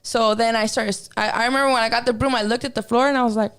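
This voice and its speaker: A woman's voice: a little high, steady tone, fast talker, fairly bright tone. A woman guest on a podcast telling a personal story in casual, profane talk, acting out her own reactions as she goes.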